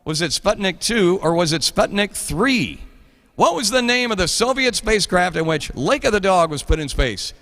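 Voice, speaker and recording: A man's voice: high voice, expressive, normal speed, a bit bright, in a large hall. A man in his fifties hosting a live trivia show in a playful, jokey, rambling way. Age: 50s.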